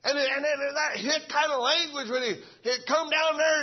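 A fervent preacher, repeating himself as he swings between shouting and hushed speech. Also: very high-pitched, fairly even intonation, normal speed, hardly any pauses, highs cut off. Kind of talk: revival sermon.

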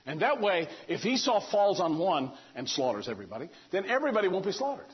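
Husky high-voiced man preaching folksy. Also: very animated, quick pace. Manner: conversational, plays out the characters' talk with humor. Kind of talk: folksy sermon storytelling. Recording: dull lo-fi recording.

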